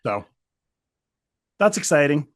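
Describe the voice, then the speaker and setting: A man co-hosting a podcast in casual chat, animated, laughing often and acting out remarks. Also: on the high side, takes it slowly. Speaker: podcast co-host.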